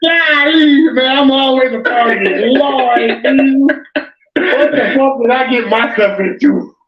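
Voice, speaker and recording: A man with a high voice hosts a casual livestream, reading chat aloud and laughing often between loud exclamations. He talks at an unhurried pace. His voice sounds distant and muffled in an echoey room. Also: a loud crowd.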